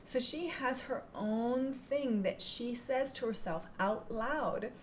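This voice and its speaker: A woman teaching hypnotherapy technique in a calm, gentle manner, sometimes dropping into a soft whisper. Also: on the high side, takes it slowly, a little hiss or hum. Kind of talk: instructional talk to camera.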